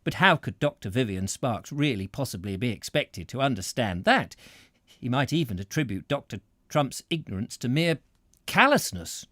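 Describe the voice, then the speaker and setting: A man narrating a novel aloud in an expressive way, with occasional slips. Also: mid-range voice, moderate pace, no room sound, studio quality. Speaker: audiobook reader.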